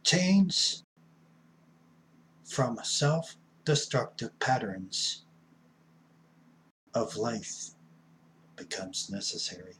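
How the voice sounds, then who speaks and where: A man's voice: medium pitch, big pitch swings, very slow, long pauses, fairly bright tone, a little hiss or hum, rough recording. A man in his fifties talking in a casual vlog, playful and theatrical, dropping into whispers and spelling words out. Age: 50s. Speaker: addiction counselor vlogger. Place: rooming house room at night.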